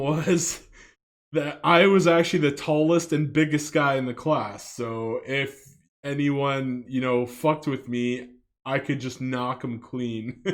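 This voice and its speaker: A man from Canada giving loose, casual commentary for his video, full of fillers and restarts, with some swearing. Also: mid-range voice.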